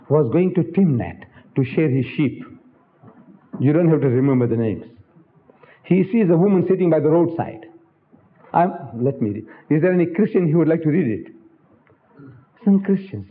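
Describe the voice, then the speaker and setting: Older guy preaching to a hall, punchy and rhetorical, kinda high voice, thin tinny tape sound. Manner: emphatic, rhetorical, addresses audience directly. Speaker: Islamic lecturer. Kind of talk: public religious lecture. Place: lecture hall. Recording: tinny lo-fi archival lecture tape.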